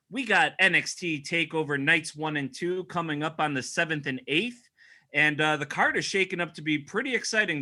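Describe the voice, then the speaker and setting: A man's voice: fairly high pitch, pushed and bright. A man hosting a casual wrestling podcast over a video call, upbeat and introducing his co-hosts. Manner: upbeat, hypes up the guests. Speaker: podcast host.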